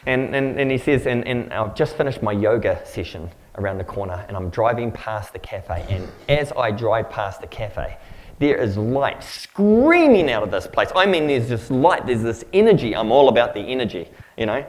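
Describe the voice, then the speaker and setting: A man's voice: medium pitch, animated, normal speed, poor audio. A man giving a sermon as a pastor, telling a story in a rambling, conversational, self-mocking way. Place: church.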